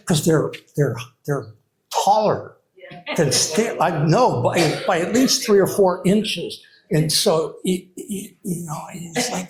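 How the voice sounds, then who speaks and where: An older man, a retired writing program director, delivers memorial remarks before a live audience in an echoey hall. His voice is on the high side and unhurried, and he rambles hesitantly, full of fillers and restarts.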